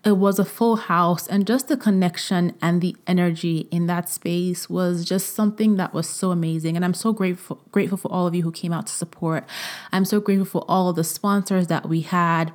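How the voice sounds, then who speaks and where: A woman's voice: on the low side, steady tone, fairly quick, darkish tone. A woman in her thirties hosting a solo podcast, talking effusively and emotionally, with frequent fillers and repeated words. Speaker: podcast host.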